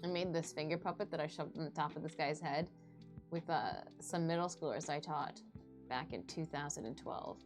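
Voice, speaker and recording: A woman streamer in casual chat, talking in an animated way. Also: low-pitched, moderate pace, music in the background. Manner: chatty and animated.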